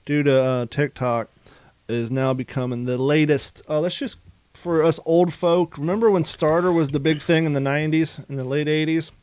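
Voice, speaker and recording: A man's voice: on the high side, fairly even intonation, moderate pace, a little mellow, clear, resonant tone, no echo. A man in his forties from Ohio, hosting a casual podcast chat, a rambling, profane storyteller. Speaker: podcast host.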